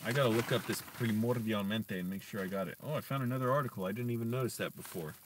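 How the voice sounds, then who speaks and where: Low male voice, a bit off-mic, slow careful self-teaching, chatty with viewers. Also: recorded from a distance, noisy background. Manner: slow deliberate sounding-out of words, self-correcting. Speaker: creator teaching himself Spanish on a stream. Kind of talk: casual live-stream language practice.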